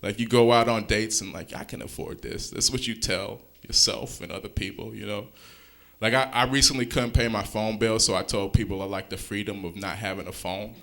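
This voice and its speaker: A man's voice: lowish voice, fairly even intonation, a little fast, a bit bright. Laid-back young man doing stand-up. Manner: laid-back, self-deprecating, conversational punchlines. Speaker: stand-up comedian. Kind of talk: stand-up comedy routine.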